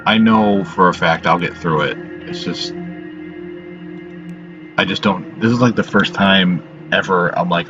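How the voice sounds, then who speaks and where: A man hosting a casual confessional vlog, weary and subdued, talking haltingly with lots of "you know" fillers and frequent swearing. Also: low voice, lo-fi sound, music in the background. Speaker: channel host.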